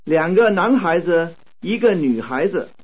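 A man reading short model sentences slowly and carefully for language learners. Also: sits high, animated, breathy edge. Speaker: language tape speaker. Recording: tinny narrow-band tape recording.

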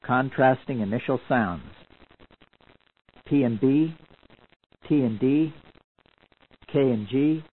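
A man giving measured, explanatory scripted narration as the narrator of a language course. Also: medium pitch. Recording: tinny lo-fi old tape.

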